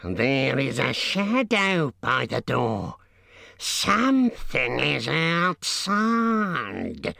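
A man voicing agitated male goblin guards for an audiobook, with high, drawn-out, gravelly shouting. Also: very animated, no room sound, studio quality, heavily acted. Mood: suspicious. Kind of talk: audiobook character voice.

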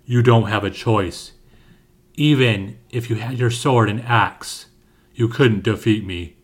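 A man voicing a huge, brutal male frost troll who speaks slowly with a booming voice. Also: slightly rough. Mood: menacing. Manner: booming and slow.

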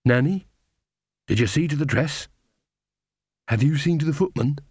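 A man's voice: on the high side, normal speed, darkish tone, slightly rough, no echo, studio quality, pitched above the performer's own voice. A man voicing a shy, earnest young woman witch who speaks meekly and anxiously in a storybook reading. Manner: meek, anxious.

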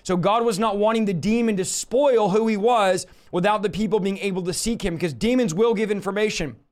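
A man preaching a teaching sermon to a live online audience in a forceful, emphatic way, breaking into sudden rebukes. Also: high-pitched, a little fast.

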